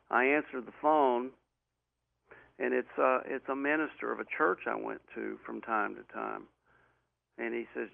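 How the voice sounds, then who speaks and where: A man's voice: medium pitch, vocal fry, dry recording. A man as an interview guest, telling a personal story in an earnest, rambling way with many restarts, heard over a phone line. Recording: tinny phone-line audio.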